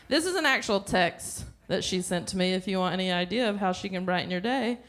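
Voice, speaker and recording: A woman doing stand-up, telling an animated story about phone calls. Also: lowish voice, moderate pace, few pauses, slight background noise. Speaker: stand-up comedian.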